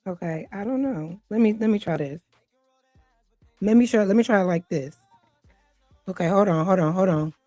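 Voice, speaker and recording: A woman's voice: mid-range voice, moderate pace, pauses often, warm tone, no room sound, highs cut off, faint music behind. A woman hosting a casual livestream, chatty and flustered, often laughing as she talks to her audience. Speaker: livestream host. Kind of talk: casual chat to a live audience.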